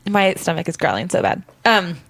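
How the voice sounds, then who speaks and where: A woman's voice: on the low side, very animated, a little fast, vocal fry, fairly bright tone. A woman co-hosting a casual true-crime podcast, wry and teasing with jokey asides. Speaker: podcast co-host.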